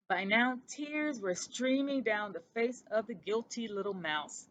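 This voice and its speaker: A woman reading a children's picture book aloud as a storyteller, steady and unhurried. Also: on the high side, dull audio.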